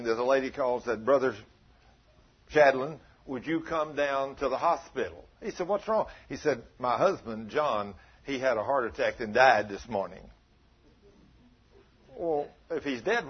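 A man preaching a storytelling sermon, swinging from loud animated bursts to hushed retelling. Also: medium pitch, moderate pace, slightly rough, muffled recording.

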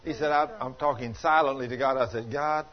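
A man preaching a sermon in a folksy, animated way, retelling conversations as stories. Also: medium pitch, brisk. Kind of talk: sermon storytelling. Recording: dull lo-fi recording.

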